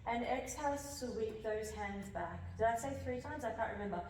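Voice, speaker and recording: A woman's voice: a little high, normal speed, recorded from a distance, a little hiss or hum. Breathless yoga teacher woman, echoey hall. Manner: calm cueing with counted holds, breathy while moving. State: a little out of breath. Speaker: yoga instructor. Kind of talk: guided yoga class cues.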